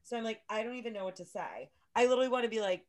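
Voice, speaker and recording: Animated young woman telling a story. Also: a little high, rapid-fire. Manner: animated, profane storytelling with lots of "like". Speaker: podcast co-host. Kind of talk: casual chat, storytelling.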